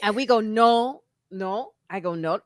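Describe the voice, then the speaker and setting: A woman's voice: mid-range voice, unhurried, no room sound, studio quality. A woman hosting a podcast, telling a story in casual chat and acting out the quotes with big jumps in her voice. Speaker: podcast host.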